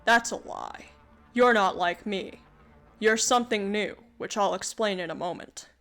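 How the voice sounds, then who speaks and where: A woman's voice: mid-range voice, unhurried, a bit bright. A woman reading as an ancient time-bending creator. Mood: explaining. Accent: Canadian. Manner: plain expository read-aloud.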